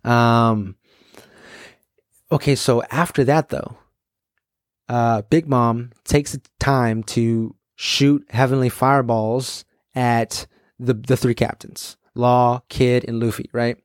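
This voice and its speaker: A man hosting his own podcast, chatting casually and excitedly, with many fillers and quick quoted asides. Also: medium pitch, clear, resonant tone, no room sound, studio quality. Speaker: podcast host. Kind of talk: casual solo podcast chat.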